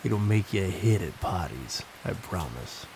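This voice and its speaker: A man's voice: low voice, very animated, a little slow, noisy background, full character voice. A man voicing a creepy male party clown with a thick New York accent, coaxing and wheedling.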